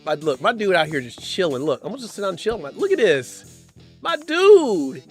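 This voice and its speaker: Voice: medium pitch, big pitch swings, quick pace, slightly rough, soft background music. A streamer giving casual live-stream gameplay commentary, playful and slangy, often laughing and teasing the chat. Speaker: game streamer.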